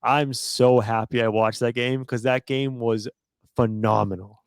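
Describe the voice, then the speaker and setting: A man's voice: mid-range voice, steady tone, unhurried, clear, resonant tone, no room sound, clean studio sound. A young man co-hosting a casual sports podcast, telling a laid-back, amused story. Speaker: podcast co-host.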